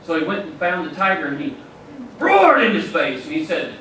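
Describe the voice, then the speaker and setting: A man's voice: a little high, sing-song, moderate pace, sharp tone, slight background noise. A man giving an enthusiastic motivational talk at a conference, preaching and telling stories. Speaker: keynote speaker. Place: large conference hall. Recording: echoey hall from far off.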